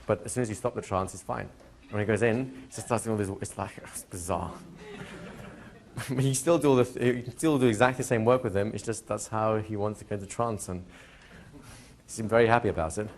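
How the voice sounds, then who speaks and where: A man teaching a hypnosis class to a live audience, talking in a relaxed way and slowing into soft hypnotic suggestions. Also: lowish voice, a little hiss or hum. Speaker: hypnosis trainer. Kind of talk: live training lecture. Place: training room with a seated audience.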